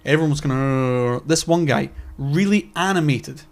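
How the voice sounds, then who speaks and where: A man's voice: fairly high pitch, moderate pace. A young man co-hosting a podcast, ranting animatedly with lots of swearing and stammered restarts. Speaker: podcast co-host. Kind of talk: casual profane chat.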